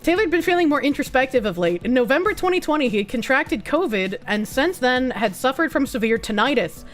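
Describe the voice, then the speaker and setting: Woman, livestreamer, fairly high voice, blunt and sarcastic, swears a lot, rough throat, faint music behind. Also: very animated, fairly quick. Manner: reads chat and news aloud with blunt, sarcastic asides and frequent swearing. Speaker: streamer. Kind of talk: casual livestream chat reading donations.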